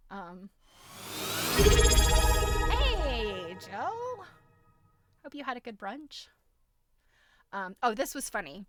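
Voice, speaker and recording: A woman's voice: mid-range voice, pushed and bright, dry recording, studio quality. A middle-aged woman hosting a livestream, chatting casually and telling stories with frequent laughs. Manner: chatty, laughs often, storytelling with quoted asides. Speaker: livestream host. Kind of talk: casual chat to a live audience.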